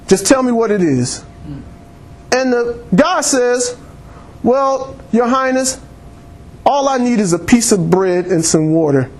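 A man preaching a sermon in church, reading scripture and calling on the congregation for amens, laughing often. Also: extremely high pitch.

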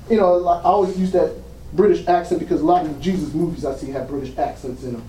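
A man's voice: sits high, a little fast, a little mellow. An older man preaching a sermon, with fervent call-and-response and frequent cries of praise. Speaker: pastor.

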